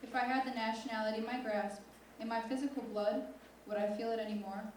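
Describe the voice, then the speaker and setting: A woman's voice: fairly high pitch, steady tone, a little mellow, a little hiss or hum. Teen girl reciting poetry in a hall. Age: teens. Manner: slow, deliberate, intense recitation. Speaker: student poet. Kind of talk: spoken word poetry reading. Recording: echoey hall from far off.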